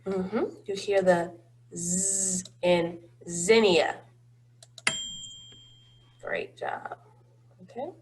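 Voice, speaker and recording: A woman's voice: lowish voice, fairly even intonation, very slow, long pauses, background noise. A woman teaching a phonics lesson to young children, patient and encouraging, drawing out each word.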